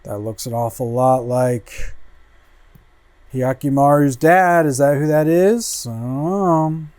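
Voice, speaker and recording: A man hosting a casual livestream, flipping through a comic book and muttering relaxed asides, swearing freely as he goes. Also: mid-range voice, slow, dry recording.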